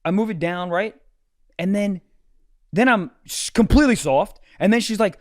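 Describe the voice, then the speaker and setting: Podcast co-host, male, higher register, acts out every line of his story; dry studio mic. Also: normal speed, no room sound. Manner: animated, acts out dialogue in quotes. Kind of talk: casual comedic storytelling.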